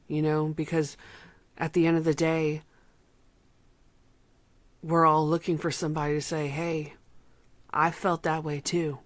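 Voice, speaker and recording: A woman reviewing an album, speaking from the heart and close to tears, sometimes dropping to a soft whisper. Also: sits low, dry recording. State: emotional, near tears. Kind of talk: emotional personal vlog talk.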